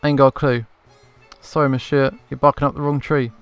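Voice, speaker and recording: A man voicing a curt, gruff male tavern drinker in a video game. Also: mid-range voice, little pitch movement, brisk, no room sound, faint music behind, close to an everyday voice.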